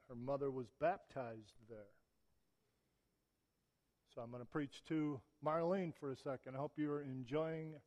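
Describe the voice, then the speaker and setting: A man's voice: medium pitch, a little mellow. A middle-aged man from Michigan preaching a sermon, telling personal stories in a conversational way with emphatic rises. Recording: long church reverb.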